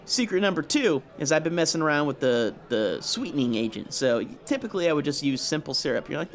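A man chats casually on a podcast, swearing freely as he acts out his own reactions. His voice sits a bit high and his intonation swings widely. He sounds like a natural storyteller among friends. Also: big pitch swings, a little fast. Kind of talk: casual chat.

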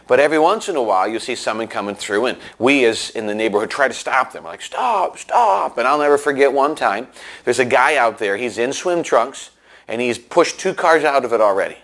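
A man giving a sermon in a conversational way, telling a story with many restarts and lively asides. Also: mid-range voice, fairly quick. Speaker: preacher.

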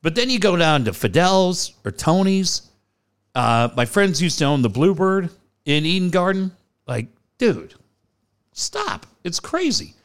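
Animated, lively-pitched man in casual chat. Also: unhurried. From San Diego area, US. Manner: animated, swearing, rambling.

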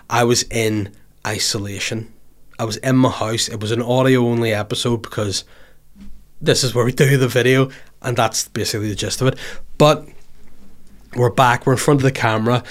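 A man hosting a podcast in casual, jokey chat, a little hoarse from covid, swinging between loud bursts and soft asides. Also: medium pitch. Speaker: podcast host.

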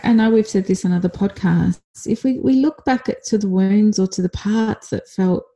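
A woman co-hosting a podcast who speaks softly and affirms what the other host says in a casual way. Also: medium pitch, normal speed. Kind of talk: casual conversational podcast chat.

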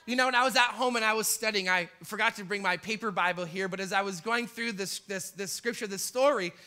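A man's voice: high voice, fairly quick, sharp tone. A man preaching a sermon in church, passionate, acting out the voices of people he quotes with rising intensity. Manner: impassioned, acts out quoted pleas with rising intensity.

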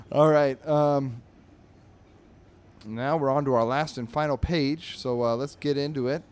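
A man hosting a comedy podcast, reading comic strips aloud in an animated way, laughing often and slipping into squeaky character voices. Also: slow pace, pauses often, smooth.

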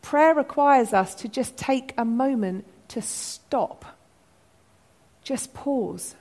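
A woman giving an earnest, animated sermon talk to her church. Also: fairly high pitch, takes it slowly. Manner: earnest, animated, acts out shouted quotes. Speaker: church speaker.

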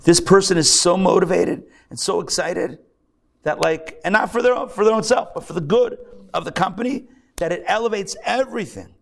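A man teaching a live class as a rabbi, animated, acting out the voices of people he describes. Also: high voice, moderate pace, vocal fry. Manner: animated, acts out excited and grumbling voices. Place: lecture room with a live audience.

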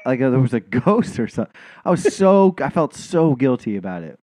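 Podcast co-host, male, swearing storyteller, very lively pitch. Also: a little fast, no echo, studio quality. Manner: profane, rambling, self-mocking. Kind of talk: casual storytelling chat.

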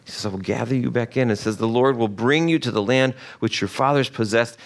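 A man's voice: mid-range voice, fairly quick, vocal fry. Middle-aged guy pastor giving a sermon, talks casual, does the voices of people he quotes. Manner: conversational, acts out quoted voices.

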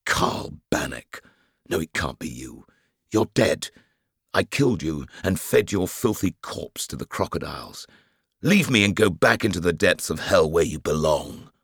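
A man's voice: a bass voice, slow, vocal fry, breathy edge, dry recording, clean studio sound, full character voice. A man voicing a panicked ex-soldier waking from a nightmare, later whispering wryly to his partner. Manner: panicked, then hushed and wry. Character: Hector, a shaken ex-soldier man.

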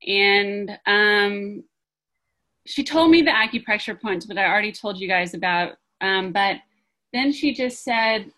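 A woman sharing a personal experience with a group, halting and searching for words as she talks. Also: medium pitch, bright, forceful tone, rough recording. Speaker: practice community member sharing.

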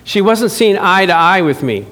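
A middle-aged man preaching a sermon, telling a married-life story with animated acted-out dialogue and frequent chuckles. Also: high voice, moderate pace. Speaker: pastor. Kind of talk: sermon with personal stories.

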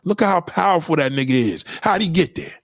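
A man's voice: on the high side, animated, fast, no echo, studio quality. A man ranting to viewers in a profane, preachy and conspiratorial way, repeating himself for emphasis. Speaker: vlogger giving opinions. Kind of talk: profane rant to camera.

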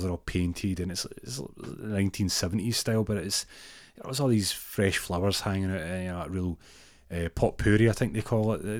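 A man's voice: sits low, no room sound, studio quality. A man improvising a comic story, rambling and repeating words with many fillers.

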